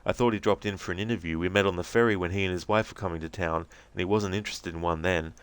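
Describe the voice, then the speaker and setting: A man's voice: low voice, fairly even intonation, fast, smooth, dry recording, natural voice. A man voicing a prickly, defensive small-town radio host who speaks in a stiff, resentful, formal way, reading a game transcript.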